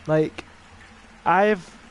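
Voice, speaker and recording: A man with a neutral British accent giving relaxed, chatty commentary on his gaming livestream, with wry asides to the game. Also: a little high, very slow, slight background noise.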